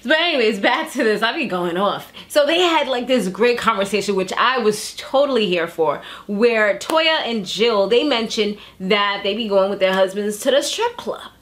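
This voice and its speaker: Woman vlogger, gossipy, laughs a lot, loose slang. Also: medium pitch. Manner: chatty, laughs often, uses slang. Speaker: reality TV recap vlogger. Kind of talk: casual chat.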